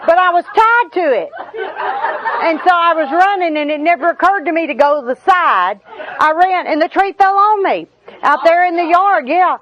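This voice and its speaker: Lady spinning funny stories, high voice, dull lo-fi sound, crowd faint behind. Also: expressive, moderate pace, fairly bright tone. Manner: folksy, laughing through her own stories. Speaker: speaker at a recovery meeting. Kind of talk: humorous personal storytelling. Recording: dull lo-fi recording with audience.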